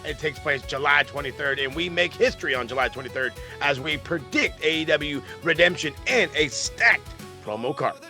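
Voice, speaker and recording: Hammy, gravelly man hosting a wrestling show. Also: on the high side, expressive, normal speed, bright, forceful tone, soft background music. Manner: playful and hammy, with laughs. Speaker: podcast host.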